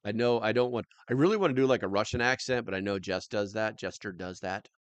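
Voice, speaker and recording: Chatty male livestream host, lowish voice, rambles with fillers, dry close sound. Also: quick pace, clean tone, no echo. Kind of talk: casual livestream chat.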